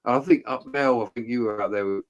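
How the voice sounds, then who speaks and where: A man's voice: medium pitch, a little fast, highs cut off. Sweary British man telling stories. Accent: British English. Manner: swears freely, storytelling, mimics voices. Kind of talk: casual chat.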